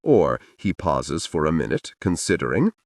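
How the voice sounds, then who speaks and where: A man narrating a romance audiobook in the first person, expressive and deliberate. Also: extremely low pitch, no echo, studio quality.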